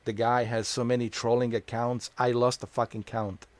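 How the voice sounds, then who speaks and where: A man's voice: medium pitch, level tone, normal speed, no room sound. A man giving crude, mocking commentary while playing a video game. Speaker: gameplay streamer. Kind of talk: profane casual commentary.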